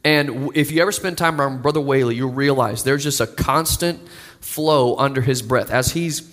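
A man's voice: medium pitch, normal speed, fairly bright tone. A young adult male pastor preaching a sermon, earnest and building to emphatic declarations. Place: church sanctuary. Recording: long reverb of a church hall.

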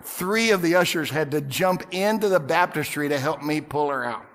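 A middle-aged male pastor telling a story in a sermon, swinging from loud outbursts to hushed whispers. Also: on the high side, moderate pace, a little hiss or hum.

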